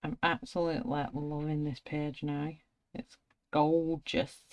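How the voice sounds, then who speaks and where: A middle-aged British woman who is a colouring artist chats casually and narrates her work as she colours. Her deep voice stays level and a little slow, and her manner is friendly and chatty.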